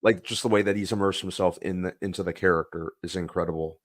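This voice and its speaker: A man speaks in a measured way on a casual live show, pausing on fillers as he goes. His voice sits on the low side. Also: fairly even intonation. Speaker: podcast co-host. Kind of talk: casual live-stream chat.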